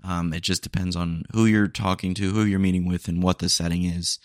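A man's voice: sits low, little pitch movement, brisk, no room sound, clean studio sound. A young man hosting a solo podcast, talking in a candid, rambling way with casual slang and small jokes. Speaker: podcast host.

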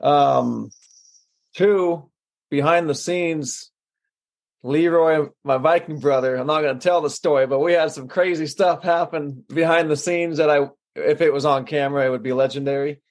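A man's voice: a little high, normal speed. A man who is a reality dating show cast member, talking casually and counting off his points in easygoing slang. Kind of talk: casual interview chat.

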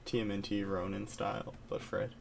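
Gravelly young man rambling casually. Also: on the low side, little pitch movement, normal speed, a crowd in the background. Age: young adult. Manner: rambling, loose, swears casually. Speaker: podcast co-host. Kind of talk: casual pop-culture chat.

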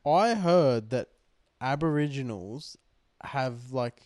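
A man's voice: mid-range voice, animated, takes it slowly, darkish tone, no echo. A man co-hosts a casual podcast chat in an ordinary middle-range voice. He rambles, fills gaps with "like" and swears freely. The recording is dry and close, with no room sound. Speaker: podcast co-host.

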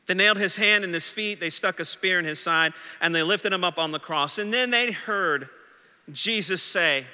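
Man, pastor preaching, high and very bright voice, dramatic delivery, echoing church hall. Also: moderate pace, clean tone. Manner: dramatic preaching, voicing doubting disciples' questions. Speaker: senior pastor. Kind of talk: sermon. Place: church sanctuary.

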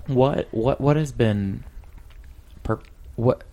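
Gravelly male podcast host, loose and rambling, mid pitch. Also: warm tone. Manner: rambling, quick storytelling, puts on voices. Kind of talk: casual chat.

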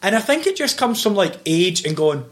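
A young Glaswegian man hosts a casual podcast chat with a high voice for a man. He talks at breakneck speed and drops casual swearing into his lively talk. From Scotland. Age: 20s. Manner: very fast, animated, swears casually. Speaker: podcast host, theatre school owner.

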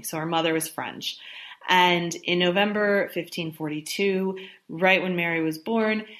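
A woman's voice: fairly low pitch, a bit bright. Woman chatting through a history lesson. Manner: conversational with fillers and self-corrections. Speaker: history presenter. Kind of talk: casual history talk.

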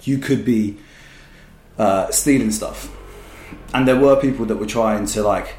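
A man's voice: fairly low pitch, a little slow, darkish tone. Man telling stories in a roomy echo. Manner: rambling, swears freely, many fillers. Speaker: guest. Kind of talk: casual storytelling.

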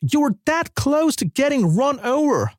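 A man voicing a truck driver who is alarmed but tries to calm a child. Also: sits high, fast, dry recording, clean studio sound, voice pushed up. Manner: urgent, reassuring. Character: alarmed kind adult male truck driver.

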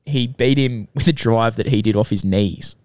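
A man's voice: mid-range voice, moderate pace, darkish tone, no echo. A man co-hosting a podcast, telling stories in slangy, laughing casual chat. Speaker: podcast co-host.

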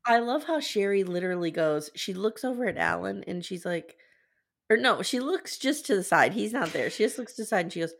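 Lively, animated woman podcast host. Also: medium pitch, fairly quick, gravelly. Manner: animated, acts out quotes from the episode. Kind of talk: casual recap chat.

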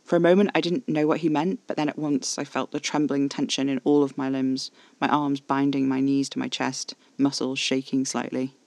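A man's voice: medium pitch, level tone, moderate pace, hardly any pauses, dry recording. A man giving tense, intimate first-person narration of a horror audio drama.

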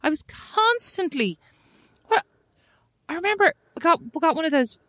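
A woman co-hosting a podcast, telling a story in animated, chatty talk. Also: very high voice, normal speed, dry recording. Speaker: podcast co-host. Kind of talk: casual chat.

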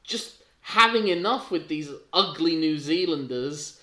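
A man co-hosting a wrestling-chat podcast in casual, joking talk. His voice is bright and clear-toned. The room around him rings with echo. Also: fairly high pitch, expressive, measured pace. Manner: chatty, joking, self-deprecating. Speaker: podcast co-host. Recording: echoey room.

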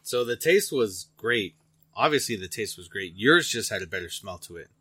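A man with a bright, forceful voice chatting loosely about beer, rambling and cursing as he goes. He sounds close to the mic in a dry, dead room. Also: lowish voice, lively intonation, husky, no echo. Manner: rambling, profane, quick to joke. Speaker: podcast co-host. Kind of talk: casual beer-tasting chat.

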